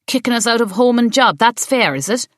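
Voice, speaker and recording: A woman's voice: fairly high pitch, lively intonation, no room sound, clean studio sound, voice pushed up, natural voice. A woman doing a feisty young café owner, Siobhan. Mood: indignant. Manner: indignant, quick to argue.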